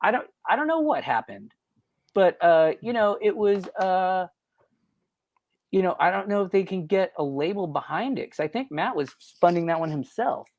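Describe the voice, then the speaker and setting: A man's voice: sits high, big pitch swings, moderate pace, a little mellow. A man in his forties, a record producer guest on a podcast, telling stories in a rambling way full of fillers and self-corrections. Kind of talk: casual interview storytelling.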